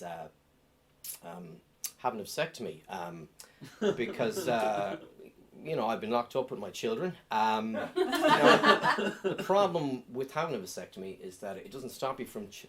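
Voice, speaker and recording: Deadpan comic, lively pitch. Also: male voice, a little hiss or hum. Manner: deadpan, with many ums and uhs. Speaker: stand-up comedian. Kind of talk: stand-up comedy set. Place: comedy club stage.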